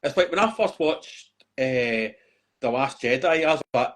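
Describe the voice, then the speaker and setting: A man chatting casually on a podcast, animated and swearing freely as he tells stories. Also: medium pitch, measured pace, a crowd in the background. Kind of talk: casual chat.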